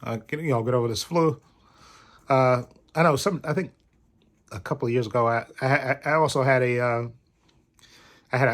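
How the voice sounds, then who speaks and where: A man's voice: mid-range voice, a bit bright. A man with a cold, rambling casually in a vlog from bed and often repeating himself. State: recovering from a cold. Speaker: vlogger.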